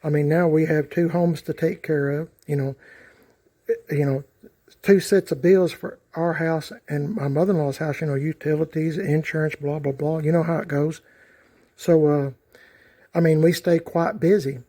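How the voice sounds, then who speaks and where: A middle-aged man rambles to his vlog audience, circling back with lots of fillers and restarts. His voice sits a bit high for a man but has a mellow, relaxed tone. He is talking outdoors by a garage. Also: moderate pace. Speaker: YouTube vlogger. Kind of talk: casual talk to camera.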